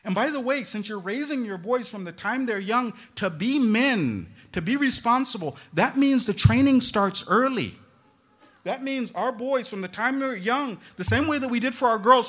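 A woman lecturer delivering a religious talk to a gathering. Her voice swings widely in pitch and rings bright and forceful. She talks straight to her listeners, dropping in frequent asides.

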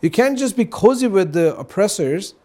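A man's voice: high-pitched, expressive, normal speed, darkish tone. A man speaking as a guest on a religious talk show, explaining earnestly and often checking in with "right?" and "you know".

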